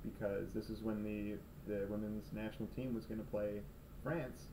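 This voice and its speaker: A man's voice: lowish voice, fairly even intonation, normal speed. Rambling sarcastic young man vlogging. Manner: sarcastic, rambling, self-mocking storytelling. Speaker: video blogger. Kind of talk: comedic monologue vlog. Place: his own room, filmed at night. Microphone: cheap camera's built-in mic. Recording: slightly distant camera mic, faint room noise.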